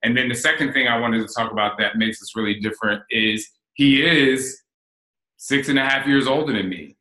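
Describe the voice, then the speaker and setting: A man in his forties from New Jersey hosts a laid-back conversation at normal speed and medium pitch, the audio poor and the sound roomy. He tells his relationship stories candidly, with the energy of an animated storyteller.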